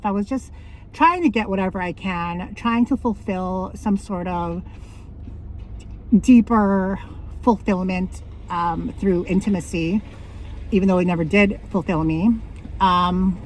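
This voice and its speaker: A woman's voice: medium pitch, slight background noise. Woman, thirties, casual vlog chat, rambling storyteller, frequent laughs. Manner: rambling, self-correcting, laughs often. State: out of breath. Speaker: vlogger.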